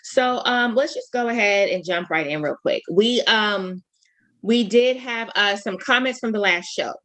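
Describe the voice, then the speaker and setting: A woman's voice: mid-range voice, unhurried, a bit bright. Emphatic woman co-hosting a podcast. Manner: emphatic, talks straight to listeners with rhetorical questions. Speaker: podcast co-host. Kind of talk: casual podcast chat.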